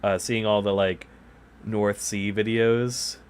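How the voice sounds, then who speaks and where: Speaking slowly in a lowish, clear, resonant voice with a level tone, a man chats casually while gaming at his home desk. His talk rambles, he chuckles at himself often, and his microphone sits beside him.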